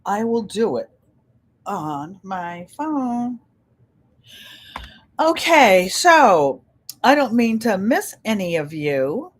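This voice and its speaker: A woman's voice: medium pitch, big pitch swings, drawn-out words, long pauses. A woman in her seventies with a Connecticut accent, chatting and telling stories to viewers on a live stream from a room at home. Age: 70s. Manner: chatty storyteller, addresses viewers as "you guys". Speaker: channel host. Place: indoor room with a large air conditioner. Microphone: computer.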